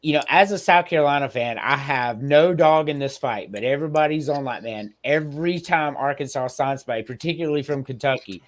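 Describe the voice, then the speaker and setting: A man hosting a casual sports podcast, animated, laughing often and swearing freely. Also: a little high, fairly quick, few pauses. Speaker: podcast host.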